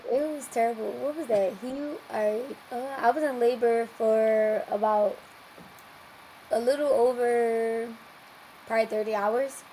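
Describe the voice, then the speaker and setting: A young woman, a podcast guest, telling a long personal story in a lively, casual way and acting out what people said. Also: fairly high pitch, unhurried, slight background noise, low-quality recording. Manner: lively, acts out quoted dialogue.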